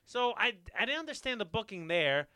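A man co-hosting a casual talk show, talking in an animated, emphatic way and swearing freely. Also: high voice, brisk, clear, resonant tone, no room sound, studio quality. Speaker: podcast co-host. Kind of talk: casual wrestling chat.

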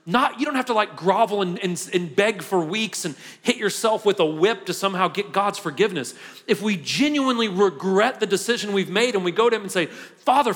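A man's voice: sits high, fairly bright tone. Man preaching in a reverberant hall. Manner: conversational preaching that builds to impassioned peaks. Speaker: pastor. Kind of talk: sermon. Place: church sanctuary.

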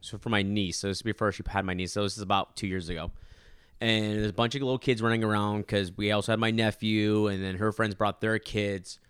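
Smooth, dry-sounding casual male storyteller. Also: lowish voice, fairly quick, no echo. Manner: animated storyteller, acts out quotes, swears casually.

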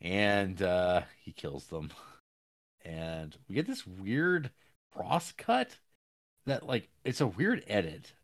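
Man, lowish voice, rambling film recap, lots of restarts and fillers. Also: big pitch swings, slow. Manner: acts out characters' lines with jumps in pitch.

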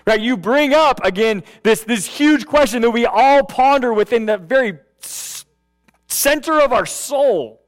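Here a pastor with a very high-pitched voice talks at normal speed through a conversational sermon. His manner is casual: he asks "okay" and "right" of the listeners, restarts phrases a lot, and repeats words.

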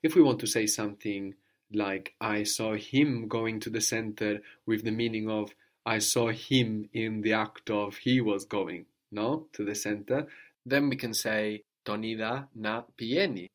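A man's voice: lowish voice, steady tone, measured pace. A man giving a patient one-to-one language lesson, prompting his student with questions and repeating the answers. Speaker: language teacher.

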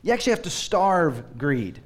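A man's voice: a little high, big pitch swings, normal speed. A man preaching a sermon as pastor, telling stories with humor and acting out children's voices.

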